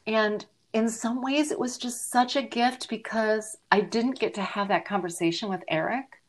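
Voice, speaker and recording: A middle-aged woman appears as a guest on a podcast, where she advocates for people dealing with grief. Her voice sits fairly high and holds steady at a moderate pace. She tells a personal story earnestly and reflectively, sometimes letting her voice fall almost to a whisper.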